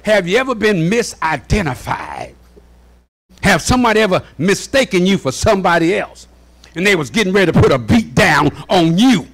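A man preaching a fervent sermon in a church, often shouting and repeating "watch this" to rally the congregation. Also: high-pitched, sing-song, normal speed. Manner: shouting, repeats "watch this", folksy call-and-response. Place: church sanctuary.

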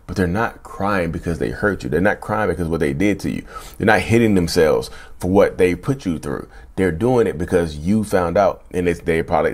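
A man hosting his own channel, talking casually to his viewers, repeating himself and saying "y'all" a lot. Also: deep voice. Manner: conversational, repeats phrases, says "y'all" often. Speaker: YouTube host. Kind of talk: casual talk to camera.

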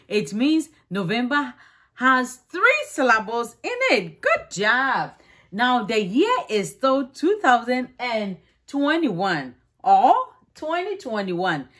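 Woman, preschool teacher: slow, exaggerated sing-song delivery, high and lively, coaxing kids to repeat. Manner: coaxing, asks children to repeat. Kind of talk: circle-time lesson for young children.

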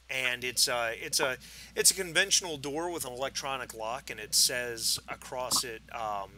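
A man narrating a tabletop game as game master, halting with fillers and restarts. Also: medium pitch, sharp tone, slight background noise, low-quality recording.

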